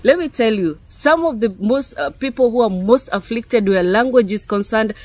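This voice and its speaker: A woman's voice: fairly high pitch, animated, normal speed, darkish tone, dry recording, low-quality recording. A woman from Kenya giving an unscripted spiritual teaching to her online viewers, talking conversationally and often checking in with "yeah?" and "okay?". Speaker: YouTube preacher.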